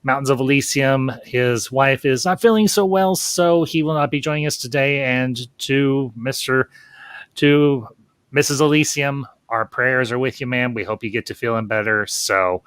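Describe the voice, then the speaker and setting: A man's voice: mid-range voice, normal speed, fairly bright tone, clean tone, no room sound. A man hosting a casual livestream chat, folksy and chatty with frequent ums. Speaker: host.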